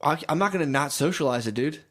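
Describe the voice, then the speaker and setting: A man's voice: on the high side, quick pace, fairly bright tone. A young man co-hosting a podcast, talking casually and defensively with a lot of profanity, often acting out quotes as he rambles. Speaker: podcast co-host. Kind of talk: casual chat.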